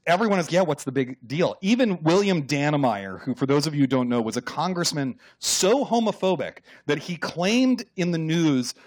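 Male author guest, lively storyteller who voices his quotes, conversational. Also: on the high side, normal speed, hardly any pauses. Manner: animated storyteller, acts out quotes, some restarts. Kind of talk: conversational radio interview.

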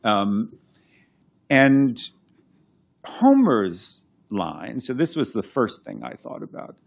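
A man's voice: mid-range voice, sing-song, slow, vocal fry. A man, a classics scholar and translator, explaining his work in a conversational lecture, thinking aloud with many restarts and chanting verse rhythms as examples.

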